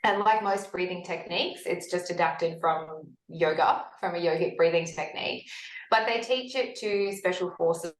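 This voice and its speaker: A woman in her forties, a health practitioner talking as a guest in a conversational interview, telling stories lively and acting out her own past thoughts. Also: fairly low pitch, normal speed. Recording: echoey room.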